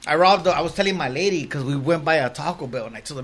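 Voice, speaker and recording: A man's voice: a little high, very fast, fairly bright tone. A man, casually telling stories as a podcast guest in slangy, profane talk, often laughing as he goes. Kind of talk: casual storytelling.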